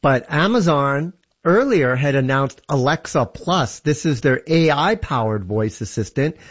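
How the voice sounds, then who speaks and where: A man's voice: mid-range voice, expressive, unhurried, dull audio. Enthusiastic man explaining gadgets. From Canada. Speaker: tech guest. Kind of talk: casual radio chat.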